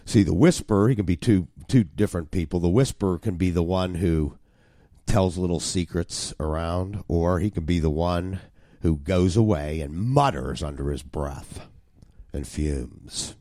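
A man's voice: sits low, measured pace, dark tone, no echo, studio quality. A man preaching an expository sermon, emphatic and wry, with sudden jumps in emphasis.

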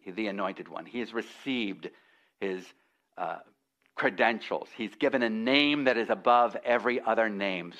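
A man's voice: on the low side, a bit bright, dull audio. A man preaching an expository sermon, with folksy asides and frequent restarts.

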